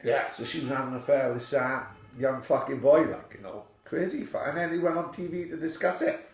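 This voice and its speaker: A man's voice: mid-range voice, steady tone, brisk, soft background music. A man co-hosting a podcast, telling rambling, sweary comic stories in casual chat. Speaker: podcast co-host. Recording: roomy, off-mic sound.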